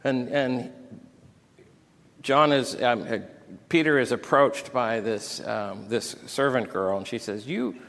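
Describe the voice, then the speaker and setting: A man pastor preaching a sermon, retelling scripture and a personal story with deep emotion. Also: fairly even intonation, slow pace, a bit bright. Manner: emotional storytelling, reads scripture aloud with rising intensity. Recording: long hall reverb.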